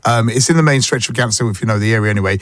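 A man hosting a radio show, chatting casually and telling stories with animated voices. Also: medium pitch, very fast, no echo, studio quality. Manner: animated, playful storytelling with voices. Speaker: radio host.

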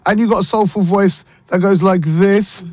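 A man hosts a breakfast radio show, chatting and joking with a slightly high voice. A clear music bed plays under his talk. His delivery is casual, animated banter. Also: normal speed, dry recording.

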